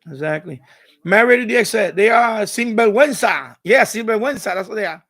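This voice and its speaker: Man, high voice, gravelly, husky, animated storyteller, laughs a lot. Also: a little fast. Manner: animated, laughs often, gossipy. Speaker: live stream host. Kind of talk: casual storytelling.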